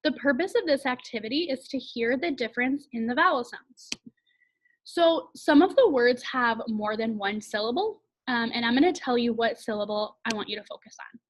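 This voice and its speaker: A woman teaching second graders an online phonics lesson, slowly drawing out each vowel sound. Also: a little high, animated, a little hiss or hum, rough recording. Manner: slow, clear, exaggerated vowel sounds.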